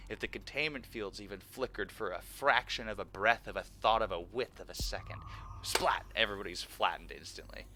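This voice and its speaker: Male streamer in his thirties: low, bright, forceful voice, excitable nerd chatting to viewers. Faint background noise. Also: fairly quick. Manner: animated, laughs often, nerdy enthusiasm. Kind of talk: casual live-stream chat.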